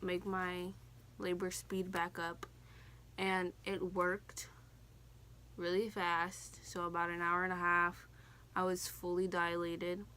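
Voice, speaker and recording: A woman's voice: lowish voice, completely flat delivery, slow pace, bright, forceful tone, slight background noise. A teenage woman telling a personal story in a casual, candid vlog, swearing now and then. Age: teens. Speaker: vlogger.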